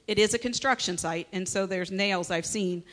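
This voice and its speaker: A woman, one of the church's pastors, chatting casually and warmly from the pulpit with many fillers. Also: mid-range voice, moderate pace. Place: church sanctuary.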